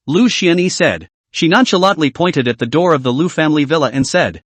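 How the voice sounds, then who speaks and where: A man narrates a comic recap with a lively, swooping delivery and a slightly high voice. The recording is dry and close, with no room sound. He reads all the parts in much the same voice. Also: a little fast, hardly any pauses, no echo.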